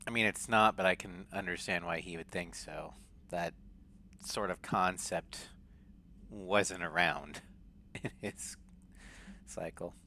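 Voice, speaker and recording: A man's voice: low-pitched, slow pace, vocal fry, pauses often, bright, forceful tone, a little hiss or hum. A man streaming a video game, chatting casually and reading in-game messages aloud in a thoughtful way. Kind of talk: casual gameplay commentary. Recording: faint game music behind.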